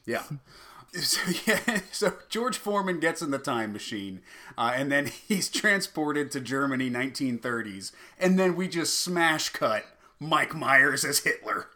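A man's voice: fairly high pitch, lively intonation, unhurried, pushed and bright. A man co-hosting a casual comedy podcast, laughing often and acting out quotes. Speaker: podcast co-host.

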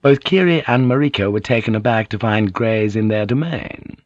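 Measured male audiobook narrator. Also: on the low side, darkish tone, no echo, dull audio. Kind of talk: scripted narration.

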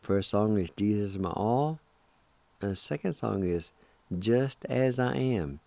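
A man's voice: on the low side, animated, takes it slowly, creaky, mellow, no room sound. A man hosting a radio language lesson, patiently spelling words out letter by letter and repeating them. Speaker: radio host teaching Cherokee.

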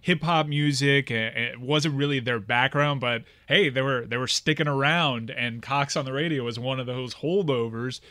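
Bright-voiced man telling radio stories. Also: mid-range voice, moderate pace, hardly any pauses, no room sound, clean studio sound. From South Florida. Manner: reminiscing storyteller, chuckling. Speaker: radio co-host. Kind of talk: casual radio chat.

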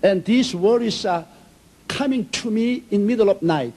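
A man's voice: high voice, moderate pace, a little mellow, poor audio. A man preaching a sermon, telling stories emphatically in simple, non-native English phrasing. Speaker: pastor.

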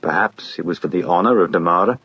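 A man narrating an audiobook in a measured, steady storytelling manner. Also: deep voice, breathy edge, no room sound, highs cut off.

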